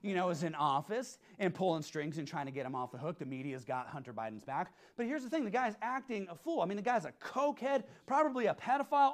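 A man's voice: high-pitched, expressive, quick pace, hardly any pauses. A man preaching a sermon as pastor, emphatic and full of rhetorical questions.

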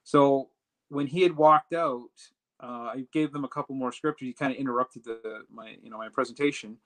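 A man telling a personal story in a casual, animated way, acting out the dialogue as he goes. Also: medium pitch, normal speed, poor audio. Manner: animated retelling that acts out quoted dialogue. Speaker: storyteller recounting a personal trip.

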